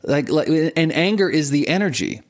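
A man in his forties, a guest on an interview show, teaching with lively examples and frequent laughter. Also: on the high side, moderate pace. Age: 40s. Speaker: martial arts and meditation teacher, guest. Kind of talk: explanatory interview talk.

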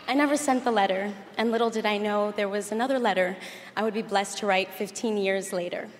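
Young woman, earnest tribute reader, mid-pitched voice, long hall reverb. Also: brisk. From Chicago, USA. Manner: earnest, emotional, tender. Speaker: speaker giving a tribute. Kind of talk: reading a heartfelt tribute letter. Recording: reverberant hall with faint noise.

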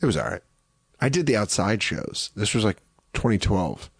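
Deep-voiced laid-back comedian guest, man. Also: very animated, moderate pace, vocal fry, husky, no echo, clean studio sound. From New York. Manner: laid-back storytelling with quoted asides. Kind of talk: casual chat.

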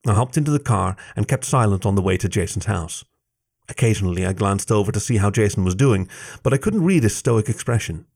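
Low, gravelly male story narrator. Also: animated, brisk, darkish tone. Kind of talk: first-person story reading.

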